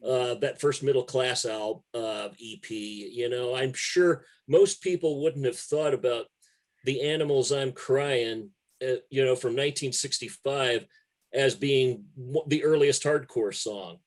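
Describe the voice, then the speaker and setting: A man's voice: mid-range voice, measured pace. A man, a music writer guest telling stories in a casual, profane and emphatic way. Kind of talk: casual conversation.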